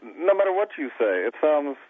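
A man with a Southern US accent phones in to a radio show, speaking earnestly and warmly. He comes through a thin, tinny phone line with no echo around him. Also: a little high, very animated, normal speed. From Deep South. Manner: earnest, friendly. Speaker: caller. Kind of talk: call-in conversation.

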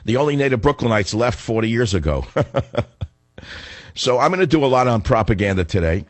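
Fast and very animated, a medium-pitched male radio host rails through a sarcastic, combative talk radio monologue. He comes from the northern United States, has a cough as he recovers from the flu, and speaks into a studio microphone with no echo.

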